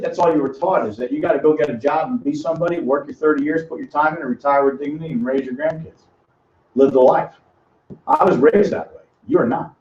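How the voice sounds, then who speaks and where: A man's voice: on the high side, a little mellow. An older man teaching a live money seminar, quizzing audience members by name with a teasing manner. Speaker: financial educator. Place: seminar room with small audience. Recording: roomy, distant, dull lo-fi sound.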